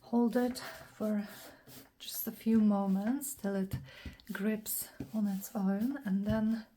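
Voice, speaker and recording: A woman hosting a casual crafting tutorial, thinking aloud in a scratchy, slightly hoarse voice and often clearing her throat. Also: medium pitch, flat delivery, slow, warm tone. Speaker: craft channel host.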